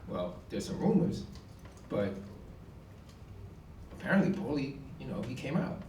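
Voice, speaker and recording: A man in his forties telling a personal story on stage, animated and acting out the dialogue. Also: medium pitch, unhurried, pauses often, slight background noise. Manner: animated, acts out quoted dialogue with emphatic outbursts. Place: college event hall. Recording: echoey hall from far off.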